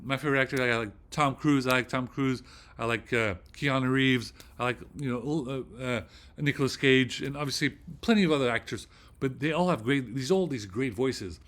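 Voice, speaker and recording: Male vlog host, excitable profane rambler, slightly high voice. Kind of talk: casual vlog rant.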